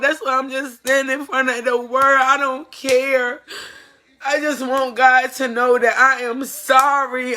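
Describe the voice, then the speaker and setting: A woman's voice: sits high, little pitch movement, measured pace, pushed and bright, a little hiss or hum. A woman giving an emotional personal testimony as a mother, earnest and pleading, repeating phrases for emphasis.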